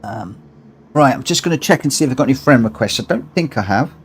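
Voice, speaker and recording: With a quick pace and lively intonation, a man's mid-range voice comes through with a bit of hiss or hum. He's a breathless streamer running online races from his room, chatting warmly and calling out results.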